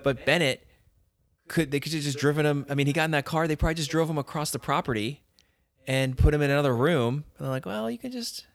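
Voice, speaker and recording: A man's voice: fairly high pitch, fairly even intonation, fast talker. A man co-hosting a podcast, recapping events in casual chat and laughing easily. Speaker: podcast co-host.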